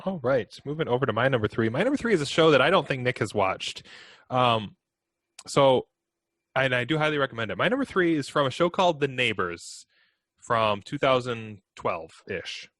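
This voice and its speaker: Bright-voiced male podcast co-host. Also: mid-range voice, sing-song, normal speed, no room sound. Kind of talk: casual chat.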